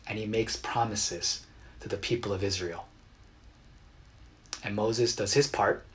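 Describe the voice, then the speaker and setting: A man preaching a sermon as a pastor, earnest and dramatic, acting out quotes with bursts of loud emotion. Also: fairly low pitch, expressive, measured pace, pauses often. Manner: earnest, dramatic retellings with sudden loud outbursts.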